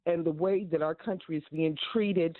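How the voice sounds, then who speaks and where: A woman's voice: sits low, steady tone, moderate pace. A woman calling in to a talk radio show, indignant and venting. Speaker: caller. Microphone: telephone. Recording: tinny phone line.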